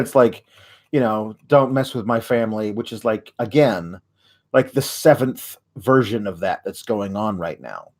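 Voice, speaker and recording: A man's voice: mid-range voice, darkish tone, husky. A man hosting a comedic wrestling recap, ranting in a rambling, sarcastic way. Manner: rambling, sarcastic, halting with fillers. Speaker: host of a wrestling recap show.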